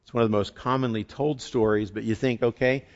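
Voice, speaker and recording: A man from the eastern United States preaching a sermon as pastor, telling the story in a conversational, animated way. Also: medium pitch, fairly quick. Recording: dull lo-fi recording.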